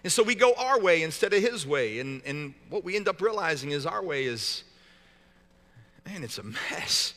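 High, bright-voiced pastor preaching in a hall. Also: male voice, big pitch swings, normal speed. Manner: conversational and joking, with many repeated restarts. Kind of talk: sermon.

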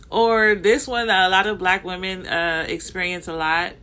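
A woman's voice: fairly low pitch, fairly even intonation, moderate pace, few pauses, pushed and bright. A woman from Compton with a Southern Californian accent, explaining things in a casual, conversational way, with frequent fillers and self-corrections. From Compton, Los Angeles, United States. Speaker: manager sharing workplace experiences.

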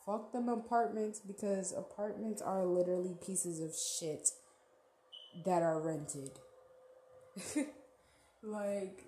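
A woman's voice: medium pitch, dark tone, echoey room, slight background noise. A woman hosting her own podcast, giving a casual, profane motivational rant in a blunt, slangy way with laughs. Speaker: podcast host.

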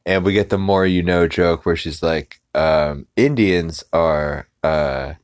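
A man with a very low voice casually recaps a cartoon episode for his podcast. He rambles and stops and starts, slipping into quick impressions of the characters as he goes. He is recorded close up in a dead, dry space. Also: fairly even intonation, smooth, dry recording. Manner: rambling, halting retelling that loosely acts out characters' lines. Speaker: podcast host.

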